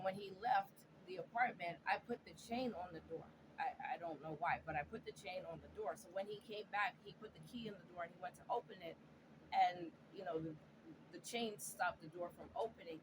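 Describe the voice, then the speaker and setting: Earnest woman telling a personal story, halting. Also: medium pitch. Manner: halting, repeats words and restarts, earnest. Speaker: storyteller sharing a personal testimony. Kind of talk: emotional first-person storytelling. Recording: clear steady background noise.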